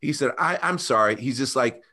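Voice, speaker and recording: A man's voice: medium pitch, fairly quick. Earnest man telling his life story. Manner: earnest, animated, addresses host by name. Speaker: podcast guest. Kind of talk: emotional storytelling.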